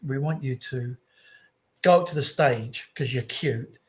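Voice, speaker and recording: A middle-aged man telling stories in a casual podcast chat, animated and repeating his phrases. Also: medium pitch, measured pace. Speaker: guest telling his story. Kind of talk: casual storytelling.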